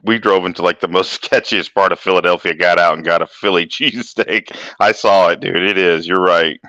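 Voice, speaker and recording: Co-host, man, very low voice with a bright edge, quick chuckling replies, dry lo-fi sound. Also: fairly even intonation, dry recording. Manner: short laughing interjections and back-and-forth replies. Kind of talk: casual chat. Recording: dry, lo-fi audio.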